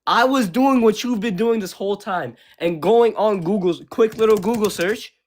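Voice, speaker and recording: A young man calling in to a live debate, talking casually and filling pauses with "uh" and "um". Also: high voice. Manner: casual, says bro, pauses with uh and um. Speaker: caller debating the host. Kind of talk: heated debate.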